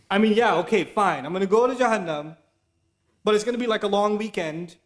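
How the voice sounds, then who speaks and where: A man giving an animated religious lecture, slipping Quranic Arabic recitation into his English talk. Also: sits high, fairly quick. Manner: animated, acts out inner voices and temptations. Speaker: Islamic preacher.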